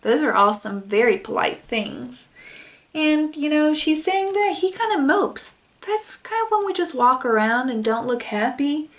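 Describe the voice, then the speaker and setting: Young preschool teacher reading a kids book, slowish, kinda high voice, gasps and explains stuff. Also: female voice. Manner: gentle, explaining words with gasps of wonder. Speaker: toddler teacher. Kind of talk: reading a picture book aloud to young children.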